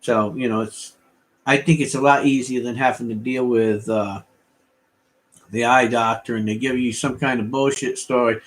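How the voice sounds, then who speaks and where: A man's voice: mid-range voice, steady tone, normal speed. An older man rambling casually as he hosts a livestream auction and chats with viewers. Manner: rambling, folksy, chatting with viewers.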